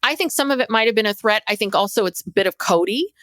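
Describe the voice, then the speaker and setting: Woman podcast cohost chatting, mid pitch, acts out quotes, dry sound. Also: fast talker, no echo. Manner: animated, acts out quotes of others. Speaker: podcast co-host. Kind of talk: casual chat.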